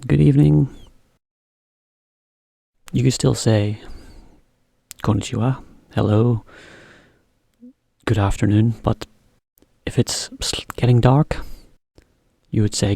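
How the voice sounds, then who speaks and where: A man teaching a slow, careful English lesson for learners, repeating each example phrase. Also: lowish voice, gravelly, warm tone, slightly rough, no room sound, clean studio sound.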